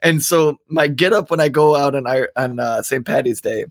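A man in his thirties banters casually as a podcast co-host, joking and rambling through his stories. His voice sits at an everyday middle pitch. The recording is close and dry. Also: a little fast, no room sound. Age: 30s.

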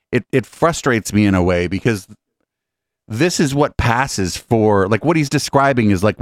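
A man's voice: lowish voice, dry recording. A man from California commenting on a clip in a casual, sardonic way. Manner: wry, sardonic. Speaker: podcast co-host commenting.

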